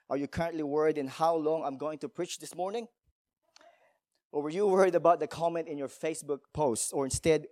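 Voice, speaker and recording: A man's voice: on the high side, darkish tone, no room sound, clean studio sound. A male pastor preaching a sermon in a church, emphatic, telling stories and asking rhetorical questions.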